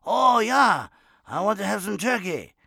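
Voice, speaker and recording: A man voicing a cheerful stranger in a holiday line who answers with loud, comic exclamations. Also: high-pitched, sing-song, a little slow, gravelly, no echo, clean studio sound, pitched above the performer's own voice, full character voice.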